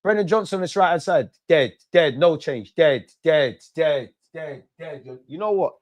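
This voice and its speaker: A young man doing a live football watch-along, shouting at players and the referee in slangy banter. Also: a little high, expressive, unhurried.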